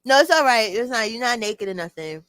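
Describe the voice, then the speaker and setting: Bright-voiced woman hosting a livestream. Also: on the high side, animated, fairly quick, no room sound. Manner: chatty, laughs often, talks to chat. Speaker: livestream host. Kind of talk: casual livestream chat.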